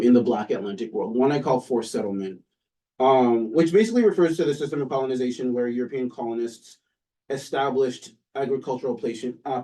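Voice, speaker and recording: A man, a political science professor, giving an academic talk in a relaxed, conversational way with frequent pauses and "um"s. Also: medium pitch, far from the mic, rough recording. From Canada. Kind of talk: academic lecture. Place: lecture room with an audience.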